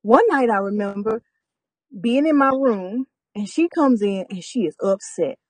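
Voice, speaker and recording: A young adult woman in a casual chat, telling a story with lively acted-out quotes and frequent laughter. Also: mid-range voice, measured pace, dry recording. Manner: animated storyteller, acts out quotes, laughs often.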